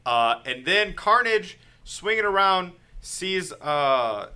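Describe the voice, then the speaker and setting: A man with a strikingly bright, slightly high voice talks through a comic story on a podcast. He recaps it loosely and acts out the characters' lines in quick asides as he goes. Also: smooth. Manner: animated retelling with quick acted-out quotes and laughs. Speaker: podcast co-host. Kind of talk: casual comic book recap chat.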